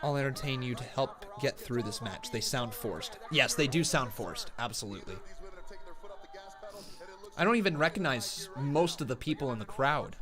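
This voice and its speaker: A man's voice: mid-range voice, expressive, normal speed, a bit bright. A man hosting a live wrestling watch-along stream, calling the action play-by-play, reading chat comments aloud and laughing often.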